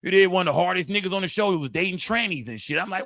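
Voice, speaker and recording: Brief: male stream host, AAVE, rowdy and profane, bright forceful tone, dry close mic. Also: sits high, expressive, very fast, dry recording. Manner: loud, rowdy, addresses chat directly. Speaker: livestream host. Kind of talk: profane live-stream commentary.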